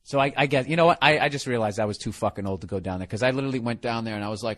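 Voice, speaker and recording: A man's voice: medium pitch, rapid-fire, hardly any pauses, fairly bright tone. A middle-aged man hosting a podcast, rambling through a comic monologue in a profane, sarcastic, ranting way. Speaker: podcast host.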